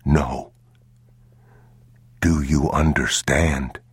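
A man voicing an exhausted, protective father in a storybook, in whispered role-play, urgent and very slow. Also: extremely low pitch, fairly even intonation, slightly rough, dry recording, exaggerated voice.

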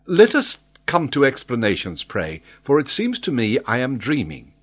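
A man's voice: medium pitch, huge pitch swings, moderate pace. A man reading the lines of a vehement nobleman firing off urgent questions, in a raised voice in an audiobook. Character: urgent male nobleman and expedition leader.

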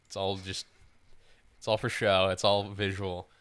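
A man's voice: deep voice, a little slow, smooth. A man co-hosting a podcast in casual, rambling chat, full of "like" and the odd swear word. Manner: rambling, animated, swears, lots of "like". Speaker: podcast co-host.

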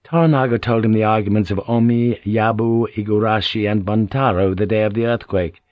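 A man reading an audiobook in a steady, even storytelling manner. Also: lowish voice, a little fast, no echo, dull audio. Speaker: audiobook narrator. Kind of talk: scripted narration.

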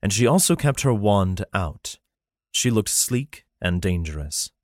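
Low-voiced male audiobook narrator. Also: sing-song, a little slow, no room sound, clean studio sound. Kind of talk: scripted fantasy narration.

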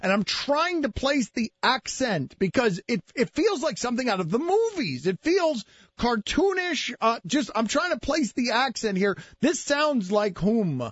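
A man's voice: very high-pitched, sing-song, measured pace, slightly rough, dry recording, highs cut off. A man hosting casual sports talk, wry and questioning, often restarting his sentences.

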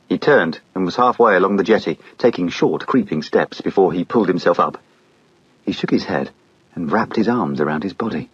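Male audiobook narrator, measured steady delivery, dry close sound, dull lo-fi recording. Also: deep voice, breathy edge, no echo.

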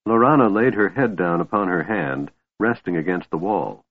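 A man narrating an audiobook in a measured storytelling voice. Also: deep voice, expressive, husky, dry recording. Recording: tinny phone-like line, dry.

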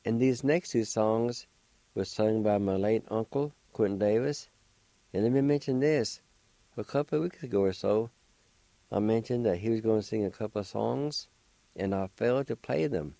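A man hosting a language lesson on radio, slowly spelling words letter by letter and pronouncing them with patient encouragement. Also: lowish voice, lively intonation, creaky, mellow, no echo. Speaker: language radio show host. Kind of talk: slow spelling and pronunciation lesson.

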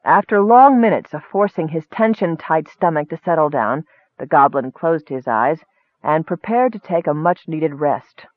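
A man reading a fantasy audiobook in steady, scripted narration. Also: fairly high pitch, normal speed, no room sound. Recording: tinny phone-like sound.

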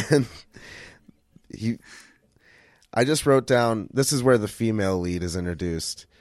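Podcast host, male, low voice, laid-back with chuckles, dry mic. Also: a little slow, dry recording. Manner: relaxed, chuckling, trails off. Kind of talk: casual chat.

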